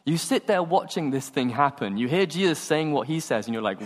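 A preacher delivers a sermon in a bright, animated way, leaping through his pitch as he acts out conversations. His voice sits a little high for a man. A long reverb trails each phrase, as in a big hall. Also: a little fast, few pauses. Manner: animated storytelling, acts out dialogue.

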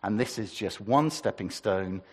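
Male preacher, husky, lively up-and-down delivery, church reverb. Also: lowish voice, measured pace. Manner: lively, conversational, asks the congregation questions. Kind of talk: sermon.

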